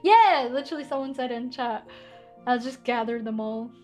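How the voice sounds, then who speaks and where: Scottish woman, high bright pitch, casual streamer Q&A, laughs easily while reading chat. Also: normal speed, soft background music. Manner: chatty, giggly, reads viewer comments aloud. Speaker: VTuber streamer.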